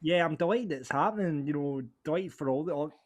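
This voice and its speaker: Chatty man, slightly high voice. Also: fairly quick. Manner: chatty, rambling, repeats words. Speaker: podcast co-host. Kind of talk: casual football chat.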